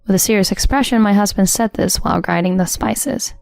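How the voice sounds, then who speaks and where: A woman narrating a first-person story in an even, composed way. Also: mid-range voice, a little fast, vocal fry, no echo, studio quality. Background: soft music.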